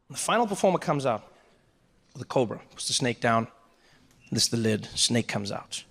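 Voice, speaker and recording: A man's voice: brisk, big-room sound. A male stand-up comedian telling a story on stage, acting out the people in it with big jumps in his voice. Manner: animated, acts out characters with big pitch jumps.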